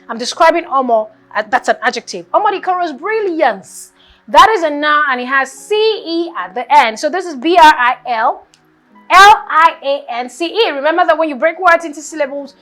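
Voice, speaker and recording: A woman's voice: high-pitched, a bit bright. Woman spelling words aloud. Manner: encouraging, spells words letter by letter. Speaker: spelling teacher. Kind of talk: children's vocabulary lesson.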